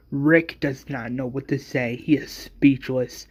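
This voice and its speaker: Slow, hesitant man retelling a story. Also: mid-range voice, steady tone. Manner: hesitant, frequent fillers and restarts. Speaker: fan storyteller. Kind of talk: casual retelling of a fan story.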